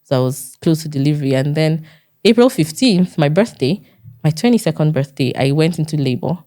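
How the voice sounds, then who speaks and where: A woman's voice: low-pitched, lively intonation, fairly quick, warm tone. A woman with a Nigerian accent, a guest earnestly recounting a personal story in an interview and acting out the dialogue she quotes.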